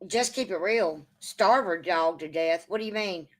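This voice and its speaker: Speaking on the low side at a measured pace, this livestream host is a woman running a casual stream. She curses frequently and pushes back at her chat, replying to it in a profane, combative manner.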